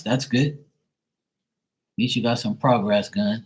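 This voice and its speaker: A man hosting a casual live stream, cursing freely and joking with viewers, then softly soothing his dog. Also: fairly low pitch, slow pace, pauses often, husky, low-quality recording. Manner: loose, profane, teasing banter with viewers. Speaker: live stream host reading chat.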